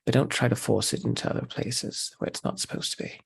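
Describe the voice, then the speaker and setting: A man voicing Mildred, an earnest woman hunter, pleading with a doctor in his own gravelly voice. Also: mid-range voice, fairly even intonation, quick pace, full character voice. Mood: firm.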